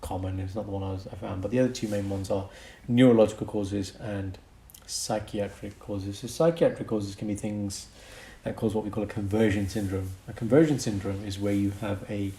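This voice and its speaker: Guy doctor on a podcast, kinda low voice, chatty and lively, explains stuff. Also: brisk, few pauses. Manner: explains medical topics, lively, slips into mock accents. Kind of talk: casual chat.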